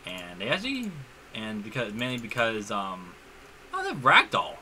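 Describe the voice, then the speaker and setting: Excitable young man, bright voice. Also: on the low side, normal speed, a little hiss or hum. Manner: excitable, stumbling restarts. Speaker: gaming YouTuber. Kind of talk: casual gameplay commentary.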